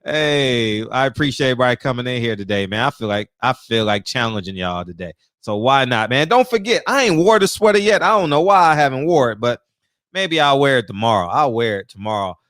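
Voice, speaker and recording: A man hosts a casual livestream, greeting viewers by name and ranting loosely with plenty of swearing. His mid-range voice is fairly quick and a bit bright. The audio is studio quality with no room sound.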